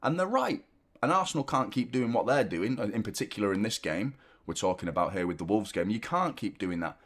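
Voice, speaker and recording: A man's voice: fairly low pitch, animated, a little fast, fairly bright tone. A man casually chatting as host of a live football fan stream, self-mocking and reading out viewer messages. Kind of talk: casual live watchalong chat.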